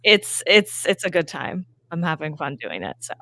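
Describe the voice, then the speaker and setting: Lower-voiced woman podcast guest, casual. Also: normal speed, gravelly. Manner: relaxed, rambling, peppered with "like" and "um". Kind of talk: casual chat.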